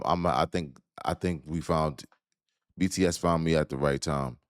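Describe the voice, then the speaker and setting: Deep-voiced man in casual reaction talk. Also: clear, resonant tone, dry recording, studio quality. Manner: slangy, enthusiastic, repeats himself. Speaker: host reacting to a video.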